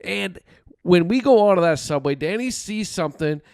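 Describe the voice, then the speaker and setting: Young guy co-host, profane teasing riffer, high and very animated. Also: moderate pace, gravelly, clean tone, dry recording. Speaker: podcast co-host. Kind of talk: casual comedic banter.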